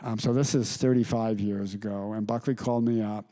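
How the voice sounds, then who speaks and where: A middle-aged man, an author, telling anecdotes to a live audience, with halting restarts and quoted voices. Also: lowish voice, steady tone, warm tone. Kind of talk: storytelling talk to an audience. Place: lecture hall with audience.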